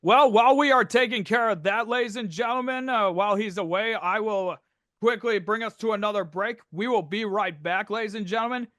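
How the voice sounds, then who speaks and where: A man's voice: sits high, normal speed, a bit bright, no room sound, clean studio sound. A young man hosting a casual podcast, brash and joking, swearing constantly. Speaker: podcast host. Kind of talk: casual profane podcast chat.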